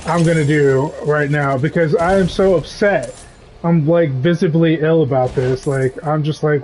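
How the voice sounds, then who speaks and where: A male streamer talks loosely over his game, drifting from one story to the next. His voice sits a little high for a man. A clear layer of noise runs underneath the talk. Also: normal speed. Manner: rambling, animated storytelling. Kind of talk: casual live-stream chat while gaming.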